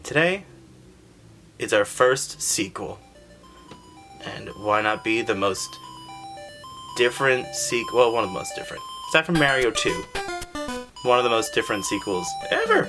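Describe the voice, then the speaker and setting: Music plays behind a low-voiced man who speaks at a moderate pace with long pauses. As a gaming history host, he casually recaps an old video game story, sarcastic, animated and profane, joking all the way.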